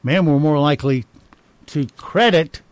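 Wry radio host, slightly higher voice. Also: male voice, measured pace, no echo. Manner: wry, reads items aloud with dry asides. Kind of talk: casual radio banter reading poll results and fun facts.

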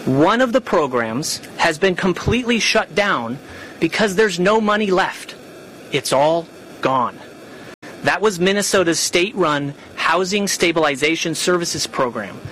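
A man speaks as an official at a press conference, his pitch sitting a little higher than most men's. He reads a prepared statement formally and stresses his key points, with faint room noise behind him. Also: bright, forceful tone, rough recording. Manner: formal and emphatic.

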